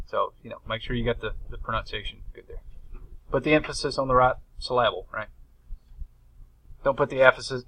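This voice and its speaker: A male teacher lectures a class in a relaxed, chatty way, addressing the room. His voice sits at an ordinary middle pitch, and he talks through each step plainly. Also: fairly quick, poor audio. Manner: casual and conversational, says "y'all". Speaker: math teacher.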